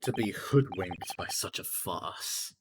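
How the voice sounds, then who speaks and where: Haughty aristocrat prosecutor, deep and scornful, voiced by a man streaming a game. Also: animated, background noise. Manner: slow, disdainful courtroom delivery. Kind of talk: voicing game dialogue on a stream. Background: game music.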